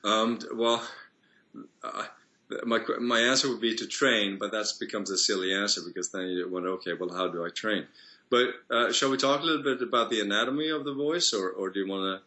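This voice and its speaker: A man working as a voice and singing coach, explaining things in an interview in a teacherly way, with pauses and restarts. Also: on the low side, sharp tone.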